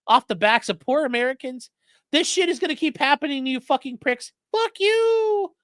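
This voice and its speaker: A man doing a shrill screeching caller. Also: expressive, moderate pace, a bit bright, no echo. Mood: shrill ranting. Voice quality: screeching falsetto. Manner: profane, hateful ranting. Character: shrill ranting male harassing caller.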